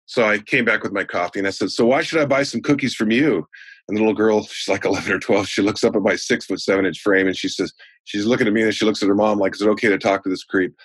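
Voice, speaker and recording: Speaking fast in a fairly low, slightly rough voice, a guest in his sixties who works as a sales trainer shares folksy stories conversationally. He becomes animated while telling them, and the recording sounds dry.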